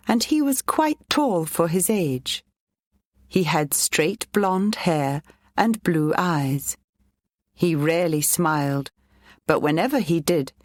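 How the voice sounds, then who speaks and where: A woman reads a children's storybook aloud in a clear, even narrating voice. Her voice sits on the low side, and the recording is dry and close. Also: dry recording.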